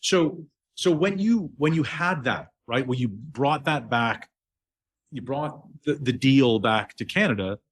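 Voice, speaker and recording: Man, podcast host, slightly husky, mid pitch, prompting questions. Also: expressive, measured pace. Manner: recaps the guest's story with prompting questions. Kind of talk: interview chat.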